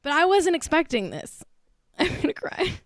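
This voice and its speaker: In a very high, sing-song voice at a moderate pace, a tipsy woman hosts a casual celebrity gossip podcast. She's giggly, profane, and delightfully catty. The recording is dry, of studio quality.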